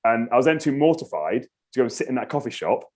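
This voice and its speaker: A man, a podcast guest telling a story in casual chat, animated and swearing freely. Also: mid-range voice, fast talker. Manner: animated, swears freely, acts out his own reactions.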